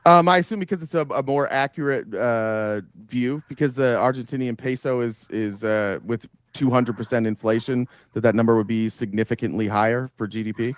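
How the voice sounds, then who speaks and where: A man in a heated online debate, halting at first and then quick and combative, speaking into a home computer mic on a voice call. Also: mid-range voice, dry recording. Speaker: debate participant.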